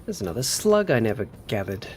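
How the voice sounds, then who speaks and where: A man's voice: lowish voice, sing-song, fairly quick, a little mellow, soft background music. A man casually chatting on a gameplay livestream, muttering to himself while building and answering his chat. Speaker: streamer.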